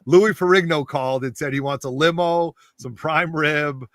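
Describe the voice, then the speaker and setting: A man hosting a casual podcast, hyping things up and reacting quickly. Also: on the high side, a bit bright, no room sound, studio quality. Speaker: podcast host.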